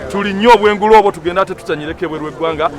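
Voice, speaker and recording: A young man from Uganda speaks outdoors at his old school, rallying the viewers as a former student. His voice sits high and his words come fast, with a lively, direct manner. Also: a crowd in the background. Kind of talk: casual speech at a school event.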